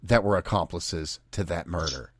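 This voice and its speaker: A man's voice: deep voice, moderate pace, a loud crowd. An American man hosting a podcast, talking in a casual, sarcastic and indignant way. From United States. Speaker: podcast host. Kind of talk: casual chat.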